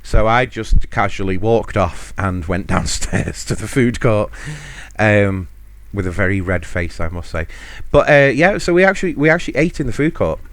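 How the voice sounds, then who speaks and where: A man's voice: lowish voice, lively intonation, moderate pace, dry recording. A man hosting a podcast alone, telling a rambling, self-mocking holiday story with frequent chuckles. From United Kingdom. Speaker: podcast host. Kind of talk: casual solo storytelling.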